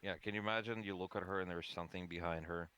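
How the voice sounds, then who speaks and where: A man's voice: sits low, fairly even intonation, fast talker, bright, forceful tone, clear, resonant tone, no echo. A man playing in a tabletop game, making dry, matter-of-fact remarks. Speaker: player.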